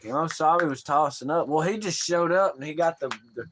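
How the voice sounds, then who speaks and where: A man's voice: on the high side, brisk, a bit bright. A man hosting a casual live stream, joking, laughing often and cursing freely.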